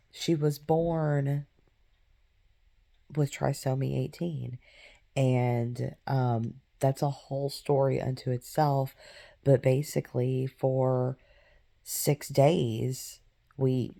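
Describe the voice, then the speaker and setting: A woman's voice: a bass voice, vocal fry, warm tone. A woman in her thirties, hosting a faith podcast and retelling a Bible story in casual talk, with many fillers and asides. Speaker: podcast host.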